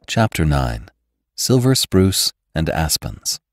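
Deep male narrator for classic fiction; measured and expressive, very low voice with lively rise and fall, dry close sound. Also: no room sound. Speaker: narrator and podcast host. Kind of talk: scripted audiobook narration.

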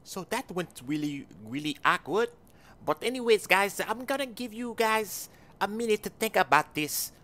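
A man roleplaying a car seller in a game, talking loud and argumentative in street slang. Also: high voice, lively intonation, moderate pace.

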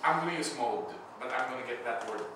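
Speaking fast at a medium pitch, a man leads an informal Bible school class in a church classroom, constantly asking "right?" and acting out scenarios as he talks with the students. The recording is echoey, picked up from a distance, with noise behind it.

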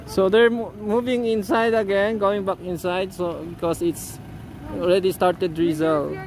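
Slow-talking man in outdoor noise. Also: sits high, level tone. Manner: slow, halting commentary with restarts. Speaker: family vlogger. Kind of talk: casual family vlog narration. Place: outdoors by a car in the rain.

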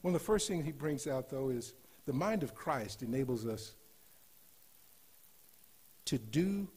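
Husky-voiced preacher in church. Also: male voice, mid-range voice, animated, a little slow. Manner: rises to loud emphatic scripture reading, drops to soft asides. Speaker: guest preacher. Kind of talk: sermon. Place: church sanctuary.

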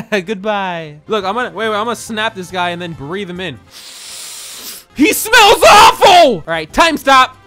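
An excitable gameplay commentator who jokes, laughs and often shouts while narrating a game. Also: mid-range voice, normal speed, few pauses, soft background music. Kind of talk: let's-play commentary.

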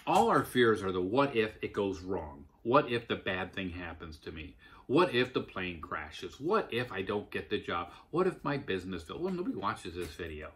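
A middle-aged man talks straight to camera in a motivational, storytelling style. His voice sits at an ordinary pitch but rises and falls a great deal, animated as he tells stories. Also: normal speed. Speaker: online business coach.

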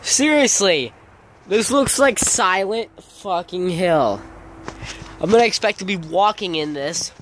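A young man rants to his phone camera outdoors in fog, cursing in almost every sentence. He talks in a slow, drawn-out way, and a faint hiss sits under his voice. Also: high-pitched, animated, fairly bright tone. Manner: swears constantly, grumbling and ranting. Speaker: vlogger. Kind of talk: casual profane rant to camera. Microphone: phone camera held by the speaker.

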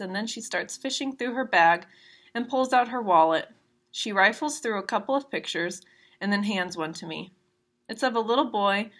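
A woman reading a novel aloud at a steady pace, adding brief asides about the chapters. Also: mid-range voice. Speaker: reader of a novel.

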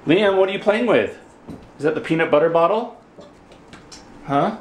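Animated young dad vlogging at home. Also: male voice, fairly high pitch, normal speed, long pauses, rough recording. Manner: playful, silly voices, baby talk to his sons. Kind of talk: casual family vlog. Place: family home. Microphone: handheld camera.

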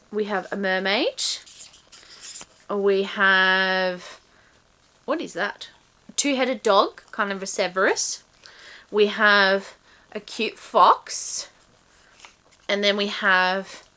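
Woman, book channel host, casual unboxing chat, rambling, lots of ums, higher pitch, bright tone. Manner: chatty, rambling, self-correcting with many ums.

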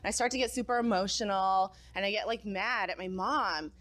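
A woman's voice: mid-range voice, a little fast, fairly bright tone. A young adult woman speaking at a young adults' church gathering, telling her story in a casual, conversational way and often checking in with the crowd with "right?". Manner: engages the audience, asks them to call out. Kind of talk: personal testimony talk.

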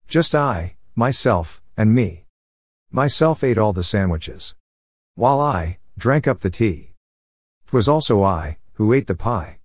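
A man reading a Bible study commentary aloud in a steady, measured way, with no fillers. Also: fairly low pitch, dry recording, clean studio sound.

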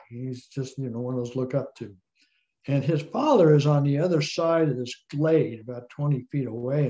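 A middle-aged man, a guest in an interview, telling a long personal story in an animated way. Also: mid-range voice. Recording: slightly dull, lo-fi sound.

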